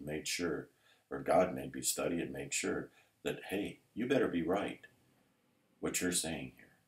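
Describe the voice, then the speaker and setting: A man preaching a sermon emphatically, building to loud, intense passages. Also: sits low. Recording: roomy echo.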